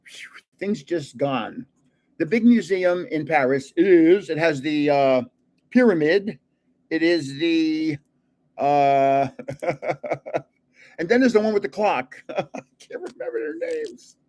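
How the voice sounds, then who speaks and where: A man's voice: a little high, sing-song, slow pace, long pauses, a little mellow. A man in his seventies hosting a casual livestream, rambling, chuckling often and trailing off while searching for words. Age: 70s. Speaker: livestream host.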